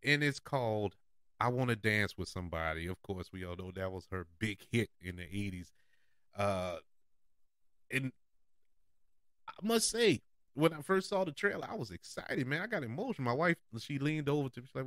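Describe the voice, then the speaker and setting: Man, podcast host, casual movie chat, lively pitch, dry recording. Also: normal speed, long pauses, dry recording. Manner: chatty and animated, laughs often.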